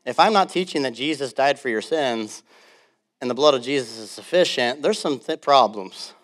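A man's voice: mid-range voice, moderate pace. A man preaching a sermon as pastor, telling stories with laughter and acting out quotes. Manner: animated storytelling with laughs and acted-out quotes.

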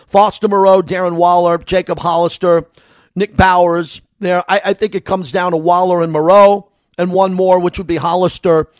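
A man's voice: high-pitched, no room sound. A man with a New York accent giving a solo sports commentary as host, in a conversational, rambling way.

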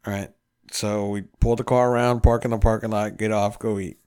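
Fairly low and fairly quick, this man's voice is clear with a resonant tone. He rambles through a road-trip story in casual podcast chat, swearing freely and animatedly acting out the voices of everyone involved.

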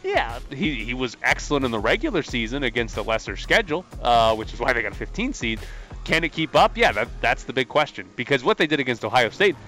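A man's voice: medium pitch, very animated, fast talker, sharp tone, faint music behind. A man analyzing basketball on a sports talk show, explaining plays casually. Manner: explains plays conversationally, with fillers. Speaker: sports radio co-host and analyst.

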